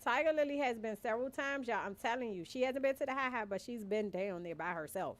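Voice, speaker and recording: Quick-paced and animated, this young gaming streamer talks in a fairly high voice, chatting with her live audience as she plays. She muses out loud and addresses everyone as "y'all," while game music plays faintly behind her.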